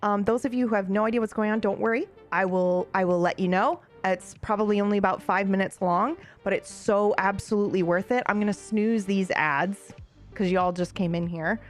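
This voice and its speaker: A woman's voice: medium pitch, normal speed, faint music behind. A woman streamer chatting casually with her live chat, bubbly and giggly, with frequent laughs and asides.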